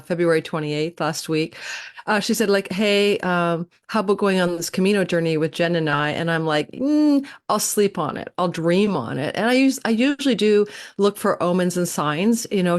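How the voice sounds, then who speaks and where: A woman guest tells a story on a live online chat. She speaks in a lively, animated way, with uh and um fillers and some laughing. Her voice sits on the low side. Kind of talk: casual storytelling on a live stream.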